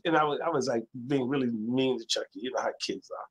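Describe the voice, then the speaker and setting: A man, a librarian telling stories as a guest in a casual interview, animated and acting out other people's voices. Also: mid-range voice, fast, poor audio. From New York City. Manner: animated storyteller, acts out quoted voices.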